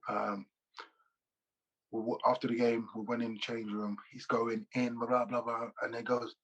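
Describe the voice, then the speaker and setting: Husky ex-footballer telling stories. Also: male voice, mid-range voice, moderate pace, poor audio. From England. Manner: animated, loose slangy storytelling with repeats. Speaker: guest, former footballer. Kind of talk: casual interview storytelling. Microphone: video call.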